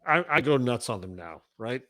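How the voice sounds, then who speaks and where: A male guest who speaks at a middle pitch in a dry, close sound. He talks over a video call and often halts and restarts mid-sentence. He has the relaxed manner of a professor chatting. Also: no room sound. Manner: halting, full of restarts and fillers. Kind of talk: casual conversation.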